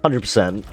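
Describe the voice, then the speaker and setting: A man with a low voice talks through his live game run, mixing tips with banter and laughs for his chat. Quiet music plays under him. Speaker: streamer. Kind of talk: live gameplay commentary.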